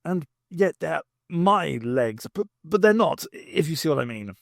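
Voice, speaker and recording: A man voicing a stiff middle-aged military brigadier, speaking gruffly and slowly. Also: medium pitch, very animated, dry recording, studio quality, heavily acted. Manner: gruff, clipped, slow and deliberate.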